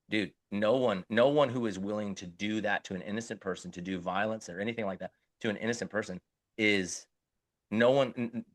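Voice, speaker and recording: A man's voice: lowish voice, fairly bright tone, dry recording. A middle-aged man co-hosting a podcast, talking earnestly and often restarting while he searches for words. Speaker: podcast co-host. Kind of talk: casual podcast conversation.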